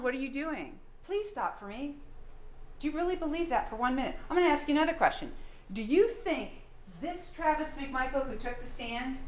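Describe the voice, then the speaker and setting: A woman prosecutor gives her closing argument, voice sitting slightly high. She hammers the jury with pointed questions. The courtroom is roomy and echoing, with a faint hiss underneath.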